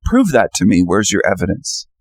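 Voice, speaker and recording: Insistent low-voiced man lecturing viewers. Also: wildly swooping pitch, moderate pace, dry recording. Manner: insistent, challenging, rhetorical questions. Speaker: channel host. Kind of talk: solo monologue to camera.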